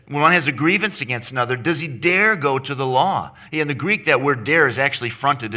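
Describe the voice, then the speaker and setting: A man preaching a sermon to his church, animated and emphatic, with rising outbursts of emphasis. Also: medium pitch. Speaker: pastor.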